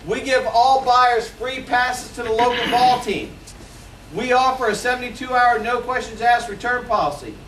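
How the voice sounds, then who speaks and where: A man's voice: extremely high pitch, fairly bright tone, slight background noise. A man in his forties, a sales trainer, leading a seminar and acting out customer phone calls with lots of energy. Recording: echoey room, mic from a distance.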